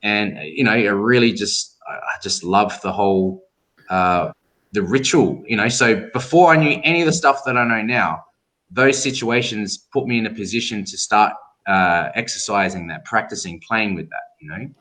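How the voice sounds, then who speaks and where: A middle-aged Australian tattoo artist, a guest in a casual storytelling interview, tells stories with animation and acts out the voices of the people he quotes. His voice is lowish and his pace moderate.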